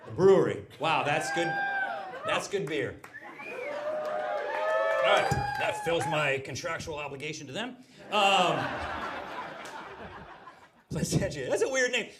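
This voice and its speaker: High-voiced man doing stand-up. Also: unhurried, long pauses, noisy background. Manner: animated storytelling, acting out characters in quoted voices. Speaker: stand-up comedian. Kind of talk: stand-up comedy set. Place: brewery venue before a live audience.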